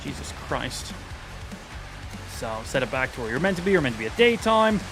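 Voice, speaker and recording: A man's voice: mid-range voice, sing-song, normal speed, over music. A man live-streaming a video game, chatting casually about what he is doing and swearing freely when things go wrong. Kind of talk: live gameplay stream commentary.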